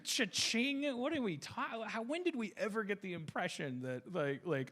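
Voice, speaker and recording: Guy ranting on a podcast, kinda high voice, stumbles over words, swears a ton. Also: expressive, moderate pace, few pauses, a bit bright. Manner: rambling, stammering, profane, heated. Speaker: podcast host. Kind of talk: casual podcast rant.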